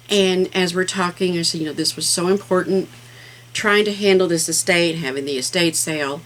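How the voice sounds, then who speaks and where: A woman's voice: on the low side, moderate pace, a little hiss or hum, poor audio. A middle-aged woman hosting a casual craft vlog, talking in a rambling, heartfelt way with plenty of fillers. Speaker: craft channel host.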